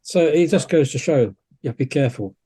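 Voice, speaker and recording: A man, a homeopath guest on a podcast, telling stories in a relaxed, anecdotal way and acting out quotes. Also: fairly high pitch, normal speed, slightly rough. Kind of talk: conversational storytelling.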